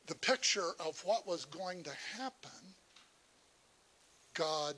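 A man's voice: a little high, a bit bright. A man preaching a sermon as pastor, often repeating and restarting words, then driving points home with rising emphasis.

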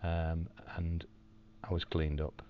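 A man recording a personal video diary from his hospital room, telling a story calmly with dry, wry humour. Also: sits low, slow pace, narrow, tinny audio, a little hiss or hum. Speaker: video diarist in hospital recovery.

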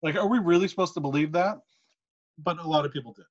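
A man co-hosting a podcast, telling a long story in a casual, animated way with quick asides. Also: on the high side. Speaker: podcast co-host. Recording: muffled lo-fi recording.

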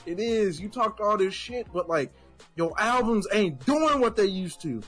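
A man's voice: high voice, lively intonation, unhurried, fairly bright tone, husky. A man co-hosting a podcast in casual chat, blunt and slangy, ranting about music. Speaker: podcast co-host.

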